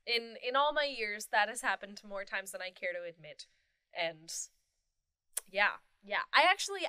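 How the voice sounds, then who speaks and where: A woman co-hosting a casual chat about theater, an animated storyteller who laughs often. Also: mid-range voice, smooth, no echo.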